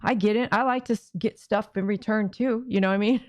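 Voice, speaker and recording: A woman pet groomer hosting a live fundraiser stream, chatty and excitable, gushing thanks to donors. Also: mid-range voice, fast, no room sound. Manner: excitable, gushing thanks, sings repeated thank-you chants.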